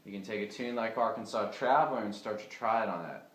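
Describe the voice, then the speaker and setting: A man giving a casual fiddle lesson, talking in a relaxed, chatty way with lots of fillers. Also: fairly low pitch, fast. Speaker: fiddle teacher. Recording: echoey room with fiddle playing.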